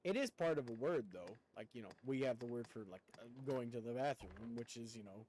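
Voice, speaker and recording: A man's voice: medium pitch, lively intonation, fairly quick, darkish tone, a little hiss or hum. A man streaming a game, chatting casually with viewers in a rambling way and laughing often. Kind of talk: casual chat while gaming.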